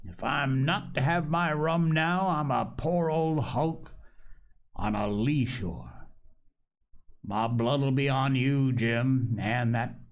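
A man's voice: medium pitch, slow, natural voice. A man voicing an ailing old male sea captain who craves rum, speaking in a coarse sailor's dialect with pleading and cursing. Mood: blustering.

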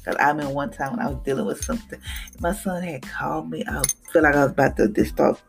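A woman's voice: deep voice, steady tone, fast talker, gravelly, soft background music. A woman hosting a devotional podcast, speaking in a casual, emphatic way and acting out what she said to others.

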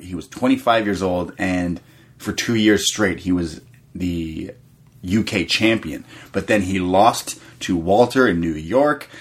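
A man co-hosting a podcast, chatting casually about wrestling and agreeing readily with his partner. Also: low-pitched. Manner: chatty, agreeable, quick back-and-forth. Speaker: podcast co-host.

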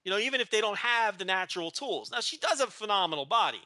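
A man's voice: sits high, animated, quick pace, bright, forceful tone, no echo. A man from Texas co-hosting a wrestling podcast, joking and teasing in casual rambling chat. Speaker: podcast co-host.

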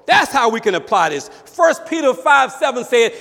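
High-voiced preacher man in a reverberant hall. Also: very animated, normal speed, gravelly. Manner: emphatic preaching with call-outs and rising shouts. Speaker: pastor. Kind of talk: sermon.

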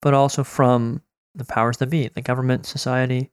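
A man with an average-pitched voice asks questions and adds his view in a relaxed conversation about church history. He speaks in plain conversational phrases, and the sound is dry. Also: a little fast, clean tone, no room sound. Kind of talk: casual theological discussion.

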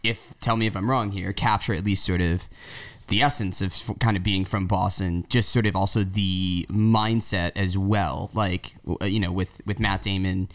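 A man's voice: deep voice, fairly even intonation, moderate pace. A man on a casual podcast who talks in a rambling, hesitant way with lots of fillers. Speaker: podcast co-host.

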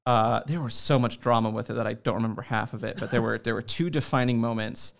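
Guy being interviewed, gravelly voice, jokes about himself, laughs a lot. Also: mid-range voice, fast. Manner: relaxed, self-deprecating storytelling; laughs often. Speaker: interview guest. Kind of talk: casual chat.

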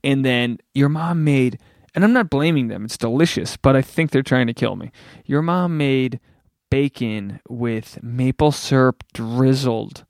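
A man's voice: mid-range voice, measured pace, no room sound, studio quality. A man hosting a podcast in casual chat, rambling through self-deprecating jokes. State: out of breath. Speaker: podcast host. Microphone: home podcast mic.

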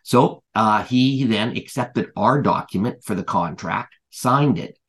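Man, podcast guest, husky voice, lowish pitch, rambling anecdote, lots of ums and restarts. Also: slow, fairly bright tone. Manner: rambling, many fillers and restarts, retells dialogue. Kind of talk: casual anecdotal storytelling.

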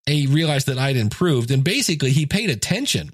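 A man's voice: medium pitch, very animated, moderate pace, no room sound, clean studio sound. A man in his fifties giving a casual motivational monologue, telling stories and acting out quoted voices. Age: 50s. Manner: storytelling, acts out quoted voices.

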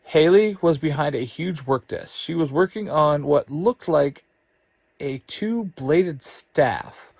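Slow, expressive male storyteller. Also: a little high, gravelly, no echo. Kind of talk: storybook narration.

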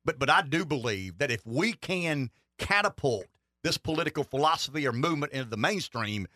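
Guy on a politics talk show, swings his pitch all over, rambles and leans on words. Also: lively intonation, brisk, sharp tone, no room sound, clean studio sound. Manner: folksy, emphatic, rambling asides.

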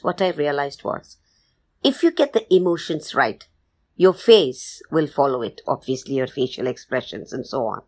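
A woman's voice: low voice, husky. A woman storyteller earnestly explaining her craft in an interview. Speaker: storyteller, guest. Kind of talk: interview answer.

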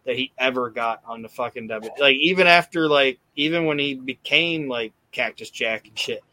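A man hosting a podcast, retelling events in an animated, casual way and acting out quotes, swearing freely. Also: mid-range voice, moderate pace, dry recording. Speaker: podcast host recapping wrestling. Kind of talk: casual chat.

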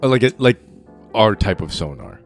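A man's voice: fairly low pitch, big pitch swings, moderate pace, faint music behind. A man co-hosting a podcast in casual chat, rambling and profane and laughing often. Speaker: podcast co-host.

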